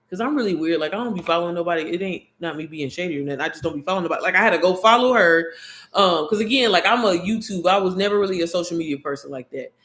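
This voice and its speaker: A woman's voice: lowish voice, a bit bright. A woman YouTuber telling a story to her viewers, candid and slangy, swearing freely and calling them y'all.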